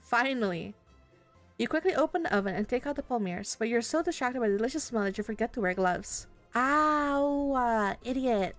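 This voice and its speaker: A woman streamer reading a visual novel aloud with expressive, dramatic narration. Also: fairly high pitch, fast, hardly any pauses, soft background music. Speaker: let's play streamer.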